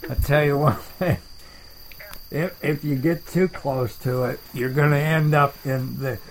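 Deadpan rambling man, slightly high voice. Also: a little slow, low-quality recording. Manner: deadpan, rambling, makes up words. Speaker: podcast host. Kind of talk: rambling comedic chat.

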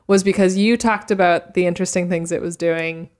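A woman's voice: fairly low pitch, fairly even intonation, fairly quick, darkish tone. A woman guest on a podcast, chatting casually and enthusiastically with many fillers. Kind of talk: casual chat.

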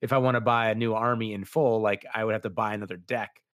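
A man's voice: fairly low pitch, steady tone, fast talker, fairly bright tone, dry recording, clean studio sound. A man hosting a podcast, chatting casually and loosely about tabletop games, with many fillers. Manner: rambling, loose, full of fillers. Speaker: podcast host.

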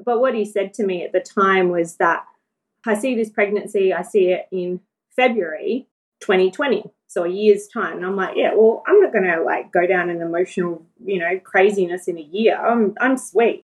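A woman's voice: medium pitch, normal speed, rough recording. A woman, chatting as a guest and telling her story casually, laughing often and acting out what people said. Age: 40s. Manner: chatty, laughs often, acts out quoted voices.

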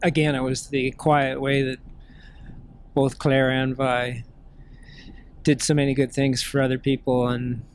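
Soft-spoken man recalling a memory. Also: mid-range voice, flat delivery, measured pace, pauses often, a little hiss or hum. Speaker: interview guest. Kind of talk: storytelling in an interview.

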